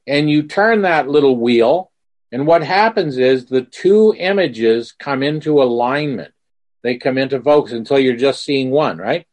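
Guy preaching a sermon real slow, middle pitch, earnest, tells little stories. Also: darkish tone. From Mississippi. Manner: slow, earnest, storytelling with quoted dialogue.

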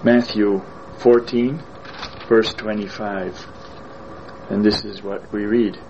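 Male preacher, lower voice, very slow and deliberate sermon delivery, repeats key lines. Muffled lo-fi recording. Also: fairly even intonation, a little mellow, a little hiss or hum.

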